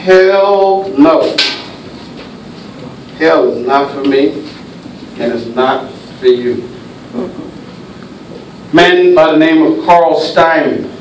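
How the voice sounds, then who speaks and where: A high-pitched man preaches a dramatic sermon, dropping to a hush and then rising to a shout. He sounds far off, his voice ringing through a very echoey church hall over a faint hiss. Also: drawn-out words, pauses often. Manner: dramatic storytelling preaching, swinging between hushed and shouted.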